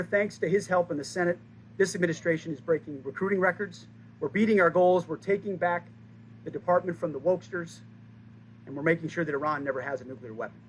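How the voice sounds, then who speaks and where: A man's voice: high-pitched, slight background noise, poor audio. Rousing man giving a ceremony speech. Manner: rousing, emphatic, with pauses for effect. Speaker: speaker at a base ceremony.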